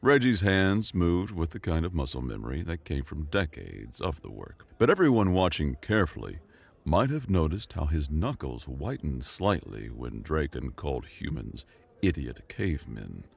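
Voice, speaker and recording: A man narrating a sci-fi story in a dramatic, measured storytelling voice. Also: rumbling low, big pitch swings, gravelly, husky, no echo.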